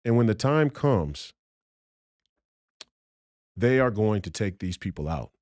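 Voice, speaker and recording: A man's voice: on the low side, big pitch swings, takes it slowly, darkish tone, no room sound, studio quality. A man talking as a podcast guest in a heated, profane rant, emphatic and combative, often restarting his sentences.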